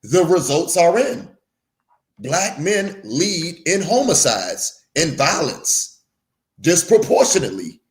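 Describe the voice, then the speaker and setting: Earnest, halting male guest on a livestream. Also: very animated. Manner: earnest, halting, trails off low. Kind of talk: livestream commentary.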